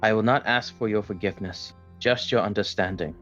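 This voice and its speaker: A man voicing a calm, sorrowful female queen in a tabletop game podcast, speaking softly and with measured solemnity. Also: fairly low pitch, muffled recording, soft background music, lightly acted.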